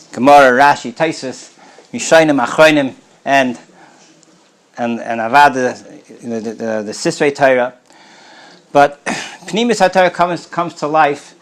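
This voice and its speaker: A man teaching a Torah class as a rabbi, telling stories in a casual way, clearing his throat often and starting words over while mixing in Yiddish and Hebrew terms. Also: mid-range voice. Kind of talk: storytelling Torah lecture.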